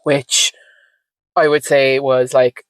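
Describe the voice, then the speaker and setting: A woman's voice: rumbling low, level tone, slow, no echo. A woman talking candidly as an interview guest, frank and chatty with lots of fillers and the odd swear word. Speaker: podcast guest.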